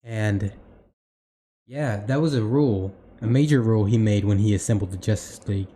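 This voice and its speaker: A man's voice: fairly low pitch, moderate pace, mellow, breathy edge. A young man co-hosting a podcast in casual chat, rambling with many fillers and restarts. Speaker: podcast co-host.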